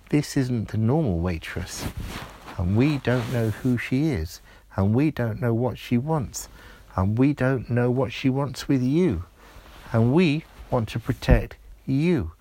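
A man voicing small, protective talking straws in a told story, soft and earnest. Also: mid-range voice, no echo. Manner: soft, earnest, explaining patiently.

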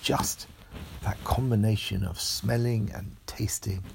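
A man telling a bedtime story, in a hushed and animated way that often drops to a whisper. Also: on the low side, slow pace, gravelly, a little hiss or hum.

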